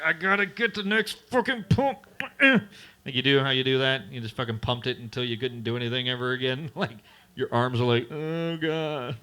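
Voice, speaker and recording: Guy doing open mic standup, bright voice, all over the place pitch-wise, swears a lot and rambles. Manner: rambling, profane storytelling with frequent laughs. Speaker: stand-up comic. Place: bar stage at an open mic night.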